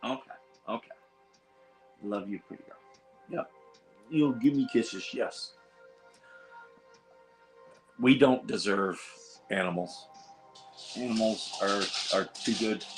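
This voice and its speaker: A man with a Midwestern accent and a hoarse, worn voice, chatting casually on a home livestream in a rambling way. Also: lowish voice, low-quality recording. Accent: Midwestern American. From Ohio. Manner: rambling, chuckling, restarts phrases. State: hoarse, losing voice. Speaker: livestream host.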